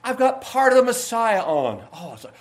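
Male pastor, high-pitched folksy sermon voice, rambling, given to loud bursts. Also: sing-song, normal speed. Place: church sanctuary.

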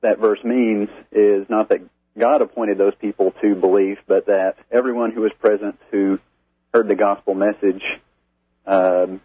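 A man's voice: lowish voice, steady tone, unhurried, breathy edge, no echo. A man with a Texas accent, calling in to a radio show and asking an earnest question. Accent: Texan. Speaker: caller. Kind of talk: caller question. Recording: tinny phone line.

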